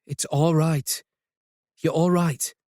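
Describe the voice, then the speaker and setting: Calm female cop, reassuring, slightly raised pitch, male narrator playing her. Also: slow pace, dry recording, clean studio sound. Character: determined female police detective.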